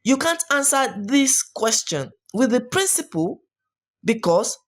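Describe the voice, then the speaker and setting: Woman teacher for a scripted exam lesson; slow, deliberate delivery with a sing-song rise and fall. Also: a little high, sing-song. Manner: clear, deliberate step-by-step explaining. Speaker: English teacher.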